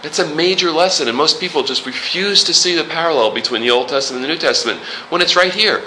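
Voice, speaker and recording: A man preaching a sermon to a congregation in a relaxed, conversational way with joking asides. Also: a little high, fast, a little hiss or hum, poor audio. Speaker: pastor.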